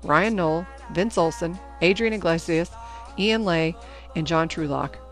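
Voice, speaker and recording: A woman reading a novel aloud in first-person narration, with an even storytelling delivery. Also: on the low side, a little slow, soft background music. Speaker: audiobook narrator.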